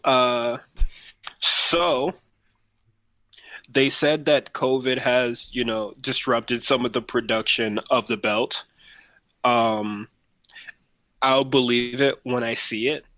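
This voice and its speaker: A man's voice: mid-range voice, bright, forceful tone, no echo. A man co-hosting a casual wrestling podcast, rambling with many fillers and restarts. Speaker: podcast co-host.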